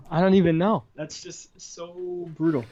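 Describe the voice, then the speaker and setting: A man co-hosting a wrestling podcast, talking excitedly and spinning gossipy theories in a casual chat. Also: high-pitched, slow pace, dull audio. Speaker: podcast co-host.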